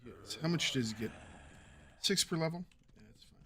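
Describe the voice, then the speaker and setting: A man streaming an online game, talking to himself in a relaxed, offhand way as he plays. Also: fairly high pitch, moderate pace, a little hiss or hum. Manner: relaxed, muttering to himself while playing. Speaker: gaming streamer. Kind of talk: casual gameplay commentary.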